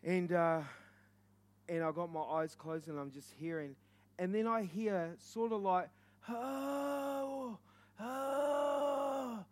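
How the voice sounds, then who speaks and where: High-voiced man preaching earnestly. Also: a little slow, clean tone. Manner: earnest, intense storytelling that swells to loud urgency. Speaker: evangelist. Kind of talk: preaching testimony.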